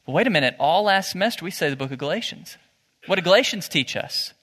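A man preaching from the pulpit with a bright, forceful and fairly high voice. He moves between easy, conversational talk and animated emphasis. The sound carries the long reverb of a church hall. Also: fast. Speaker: pastor. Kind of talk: sermon. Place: church sanctuary.

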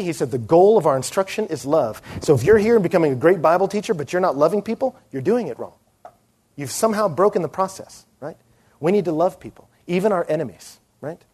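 A man giving a conversational conference sermon, dropping to a hushed voice to stress a point. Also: fairly high pitch. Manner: conversational preaching, drops to a hushed voice for emphasis. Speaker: pastor.

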